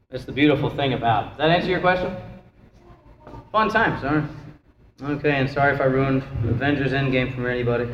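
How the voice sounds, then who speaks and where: A man, a pastor, teaching a Bible class in a casual, joking way and asking the class questions. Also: a little high. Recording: echoey hall, dull lo-fi sound, faint noise.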